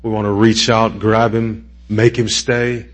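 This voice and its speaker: A middle-aged man preaching a sermon as pastor, moving between quiet, intimate pleading and raised, emphatic declarations. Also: fairly low pitch, level tone, unhurried. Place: church sanctuary.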